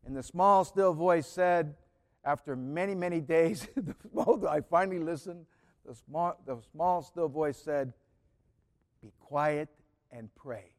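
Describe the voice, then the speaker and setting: A male preacher delivering a sermon in a fairly high voice at an unhurried, deliberate pace. He talks earnestly, repeats his key phrases and often sinks into soft, hushed tones. The sound carries the long reverb of a large church.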